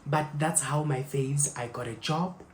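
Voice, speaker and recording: Low, slow-talking South African woman. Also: echoey room, slight background noise, poor audio. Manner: expressive storyteller, mixes in local phrases, calls viewers "my faves". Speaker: vlogger. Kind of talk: storytime while cooking. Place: home kitchen.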